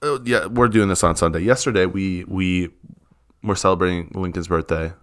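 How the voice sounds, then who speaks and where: A man's voice: low-pitched, steady tone, moderate pace. A man co-hosting a casual chat podcast, rambling and playful with lots of fillers. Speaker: podcast co-host.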